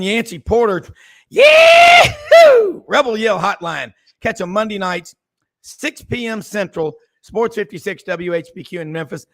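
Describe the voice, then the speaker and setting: Casting: male sports radio host, high-pitched and gravelly, folksy, quick to exclaim. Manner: folksy and excitable, exclaims often. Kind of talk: casual sports radio chat.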